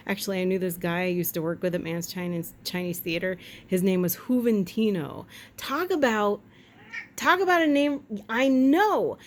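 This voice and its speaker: A woman chatting at home in a rambling, jokey way, with quick asides and silly voices. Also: medium pitch. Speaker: vlogger. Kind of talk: casual chat.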